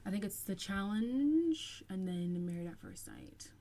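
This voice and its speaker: A young woman hosting a casual livestream, chatting and reading out viewer comments, laughing often and stretching out some phrases slowly. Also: mid-range voice, huge pitch swings, warm tone. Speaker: livestream host reacting to reality TV.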